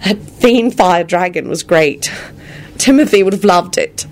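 A storyteller voicing an anxious, earnest young woman with a high, emotional delivery. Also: lively intonation, unhurried, vocal fry, a little hiss or hum. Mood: warming, teasing. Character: anxious young woman, brave, self-blaming.

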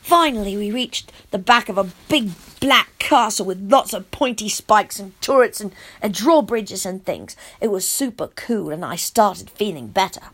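A woman reading a first-person storybook aloud as its storyteller, in an animated, childlike narrator voice. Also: medium pitch, normal speed, few pauses, slightly rough.

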